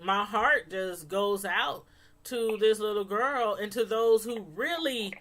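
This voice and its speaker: A woman hosting a casual call-in show, talking in an animated, emphatic way and often repeating herself. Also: mid-range voice, slow pace. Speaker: host.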